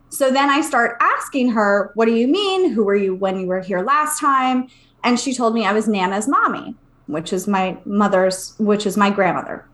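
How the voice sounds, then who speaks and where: Lively woman telling a story. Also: a little high. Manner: animated, acts out quoted voices, swears casually. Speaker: podcast co-host. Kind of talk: casual storytelling.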